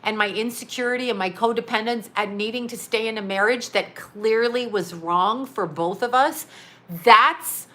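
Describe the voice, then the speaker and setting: A woman in her forties chats into her phone camera from a small home studio. Her voice is bright and a touch high. She talks bluntly and rambles, laughing often between thoughts. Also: normal speed. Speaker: psychic medium and vlogger. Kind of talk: casual livestream chat.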